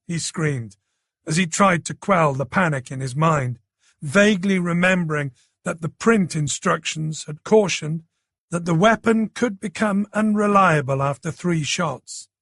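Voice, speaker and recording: A man's voice: a little high, creaky, fairly bright tone, no echo, studio quality. A man narrating a thriller audiobook in a dramatic, tense manner.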